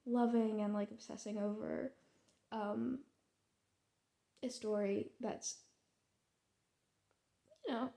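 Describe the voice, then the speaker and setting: A woman's voice: a little high, creaky, mellow. A young American woman, an artist, musing aloud in a casual, rambling monologue full of fillers and restarts. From United States. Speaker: artist and vlogger.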